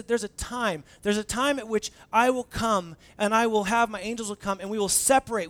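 This young adult male pastor gives an animated, chatty sermon, dramatizing the conversations he quotes. He has a high-pitched voice.

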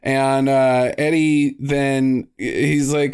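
A man's voice: medium pitch, lively intonation, takes it slowly, hardly any pauses, clear, resonant tone. A jokey man recaps a movie in casual podcast chat, breaking into bits of the characters' dialogue as he goes. His voice swings up and down a lot. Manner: jokey, recaps plots by acting out lines. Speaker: podcast co-host.

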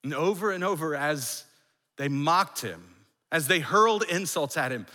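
Male pastor delivering a sermon, slow, emphatic, with hushed dramatic drops. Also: fairly high pitch, animated, big-room sound.

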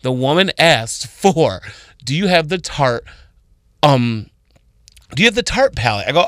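A man on a morning radio show, retelling events with big excitable swings up into squeaky highs. His voice is bright and forceful, close and dry in the studio. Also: normal speed, no echo. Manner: excitable, jumps to high squeals when retelling. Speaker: radio co-host. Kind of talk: animated storytelling on morning radio.

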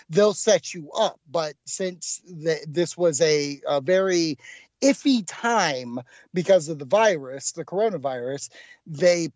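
Male podcast co-host, a bit high-pitched, rambling excitable storyteller, dry slightly dull recording. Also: no echo. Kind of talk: casual podcast chat.

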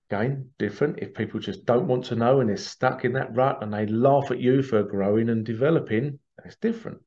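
A man's voice: mid-range voice, dark tone, lo-fi sound. A man hosting a spiritual podcast, talking in a rambling, opinionated way and acting out quoted people. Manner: rambling, opinionated, acts out quotes in little voices. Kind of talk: casual monologue.

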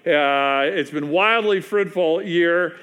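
A man, a pastor preaching a sermon in a loose, conversational storytelling way, full of fillers and restarts, often dropping to a hushed voice to drive a point home. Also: on the high side, slow. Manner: drops to a hushed, quieter voice for emphasis.

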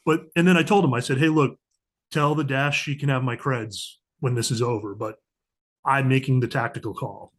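A man's voice: mid-range voice, fairly quick. A middle-aged man, a diplomatic security agent and podcast guest, telling a story in conversation and acting out the voices he quotes, with the odd curse. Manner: animated, acts out quoted voices, profane at times.

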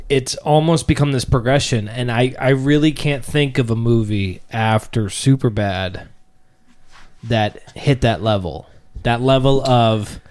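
A man's voice: mid-range voice, a little mellow, dry recording. A man in casual chat, laid-back and reflective, swearing casually.

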